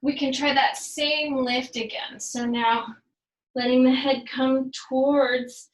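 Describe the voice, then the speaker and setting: A woman with a high voice guides a workout in an unhurried, slow rhythm, calmly cueing movements and counting down reps. Now and then she slips in a Spanish phrase. Her voice rings a little in an echoey room. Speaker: yoga and fitness instructor.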